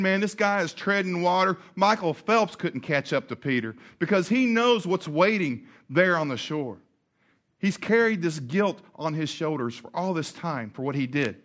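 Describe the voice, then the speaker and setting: A man's voice: on the high side, fairly bright tone. A man preaching a sermon, retelling a Bible story with jokes and asides to the congregation. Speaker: pastor.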